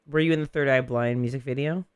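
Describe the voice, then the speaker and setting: A man hosting a radio show, teasing his guest with crude, quick-fire banter. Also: medium pitch, steady tone, clean tone, dry recording. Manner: crude, teasing, rapid tangents. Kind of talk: casual banter.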